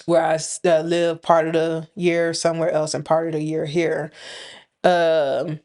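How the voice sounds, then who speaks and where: A woman's voice: low-pitched, flat delivery, unhurried, darkish tone. A woman from the Indianapolis area co-hosting a podcast, talking frankly and colloquially in casual chat. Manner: frank, colloquial, laughs while telling stories. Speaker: podcast co-host.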